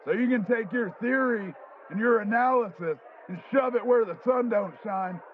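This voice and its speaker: A man playing a gruff, curt old football coach. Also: very high-pitched, normal speed. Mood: ranting. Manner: curt, dismissive, barking orders. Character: gruff older male football coach, blunt war veteran. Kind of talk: comedic character sketch. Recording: lo-fi phone-like audio with faint hiss.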